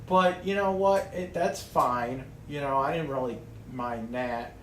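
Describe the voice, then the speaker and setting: A man's voice: medium pitch, unhurried, fairly bright tone, roomy sound, a little hiss or hum. A man ranting casually to camera in a rambling way, swearing often and restarting his sentences. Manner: rambling, profane, many restarts and fillers. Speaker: vlogger.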